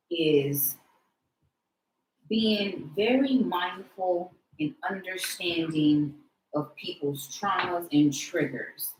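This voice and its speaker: A woman's voice: lowish voice, reverberant, poor audio. A woman in her forties hosting a podcast in frank, slangy casual chat, laughing often. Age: 40s. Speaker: podcast host.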